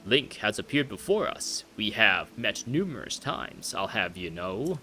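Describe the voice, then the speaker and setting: A man voicing a giant, fatherly old fish king in a put-on British accent, reading game dialogue slowly and formally. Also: fairly low pitch, sing-song, bright, forceful tone, full character voice, low-quality recording. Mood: solemn. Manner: slow, stately and formal.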